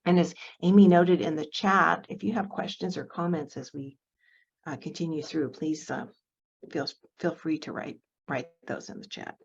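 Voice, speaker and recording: A woman teaching an online writing workshop, explaining step by step in a measured way with some fillers, over a video call. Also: low voice, steady tone, vocal fry, slightly rough, dull audio.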